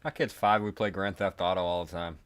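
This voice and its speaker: A man's voice: low-pitched, fairly even intonation, a little fast, a bit bright, clear, resonant tone. Laid-back man with dry humor. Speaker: podcast co-host. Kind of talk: casual profane chat.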